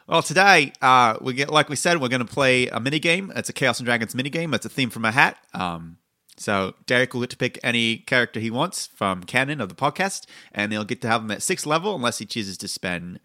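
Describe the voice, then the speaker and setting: A man's voice: medium pitch, lively intonation, brisk, pushed and bright, no room sound, clean studio sound. A man hosting a tabletop game podcast, explaining rules in a rambling, self-correcting way. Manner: affects an odd mixed accent in his intro. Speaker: podcast host and game master. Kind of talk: casual podcast chat.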